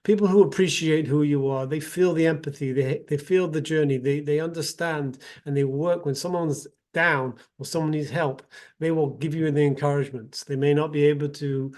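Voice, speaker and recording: A man's voice: a little high, steady tone, normal speed, darkish tone. A man giving an earnest motivational talk as a self-development practitioner, telling a parable with frequent restarts and repeated words.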